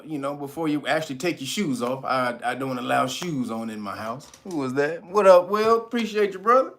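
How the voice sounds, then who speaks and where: A man's voice: on the high side, a bit bright. A man hosting his own vlog who talks casually and mockingly to his viewers, swearing freely and greeting them by name. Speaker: channel host.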